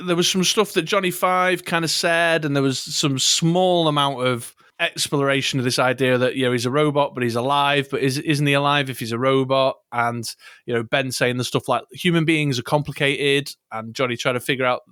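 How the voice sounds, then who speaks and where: A man's voice: mid-range voice, steady tone, fairly quick, a bit bright, smooth, no echo, clean studio sound. A man co-hosting a casual podcast, wryly reading out his notes on a film. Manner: wry, reads from notes, chuckly. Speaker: podcast co-host. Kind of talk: casual chat.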